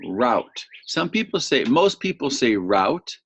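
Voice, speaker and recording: A man's voice: mid-range voice, a little slow, a bit bright, no echo. A man, teaching young children a vocabulary lesson and patiently repeating each word for them to say back. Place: home near birdsong. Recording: slightly dull, muffled audio.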